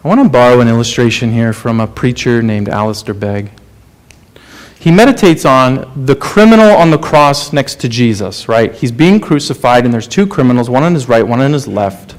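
A man preaching a sermon, earnest and questioning, often dropping to a soft, low delivery for emphasis. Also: lively intonation, normal speed.

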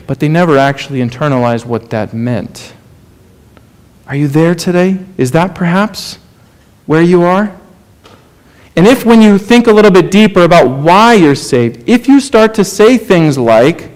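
Earnest preacher man, slightly high voice. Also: expressive, unhurried. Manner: earnest, rhetorical questions, drops to soft low delivery for emphasis. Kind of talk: sermon.

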